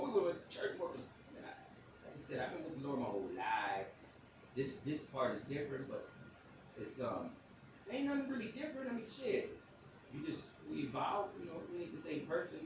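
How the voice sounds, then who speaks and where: A man with a high, lively voice spins a rambling personal story, loudly acting out each exchange and laughing as he goes. He sits well back from the mic in a very echoey space with faint room ambience. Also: far from the mic, slight background noise. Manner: animated, loud, acts out quotes and laughs often. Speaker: self-described psychic medium telling a story.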